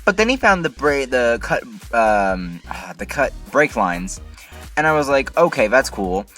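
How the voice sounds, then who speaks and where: A man rants through a casual video review, exasperated and incredulous, firing off rhetorical questions. His pitch swings widely and his tone is bright and sharp. Faint music plays behind him. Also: sing-song, measured pace. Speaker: TV episode reviewer, channel host.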